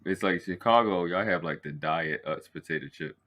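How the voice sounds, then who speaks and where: A man's voice: low voice, normal speed, dull audio. A man with a Baltimore accent, teasing and bantering in a casual panel chat. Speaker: panel co-host.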